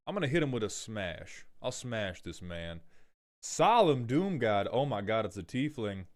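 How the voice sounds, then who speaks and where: A man voicing a blustery Southern gentleman in the style of a cartoon rooster, drawling and repeating himself. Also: lowish voice.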